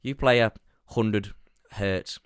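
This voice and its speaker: A man's voice: on the low side, slow, smooth, dry recording, clean studio sound. A young man co-hosting a casual podcast chat, rambling and joking with frequent restarts. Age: young adult. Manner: rambling, jokey, restarts often. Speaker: podcast co-host.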